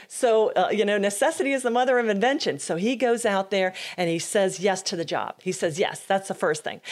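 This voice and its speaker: A woman hosting a leadership podcast, telling a joke in a chatty, upbeat way. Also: fairly high pitch. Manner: chatty, upbeat, self-amused. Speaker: podcast host. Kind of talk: casual storytelling talk.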